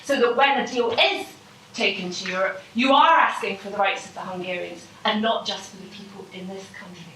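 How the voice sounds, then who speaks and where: A woman with a Scottish accent asks a question from the audience at a public meeting, halting and searching for words. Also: medium pitch, fairly bright tone, slight background noise. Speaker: audience member asking a question. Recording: echoey hall, distant mic.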